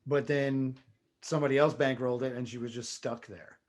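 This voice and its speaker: Dry-witted male co-host, mid-pitched, easy banter. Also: fairly even intonation, fairly quick. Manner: wry, dry humor. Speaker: podcast co-host. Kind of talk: casual chat.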